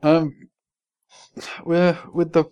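A man's voice: on the high side, completely flat delivery, extremely slow, darkish tone, clear, resonant tone, lo-fi sound. A man playing a tabletop game, speaking politely and a little hesitantly. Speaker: player. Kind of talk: casual tabletop game chat.

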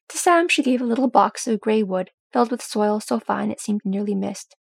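Gravelly-voiced woman reading a story. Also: mid-range voice, normal speed, hardly any pauses, no room sound. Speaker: audiobook reader. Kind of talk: storybook narration.

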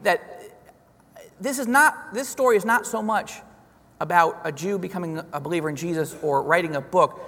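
A man giving a lively storytelling testimony as a guest speaker in a church, chuckling as he talks. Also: high-pitched, normal speed. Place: church sanctuary. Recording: long reverb of a large hall.

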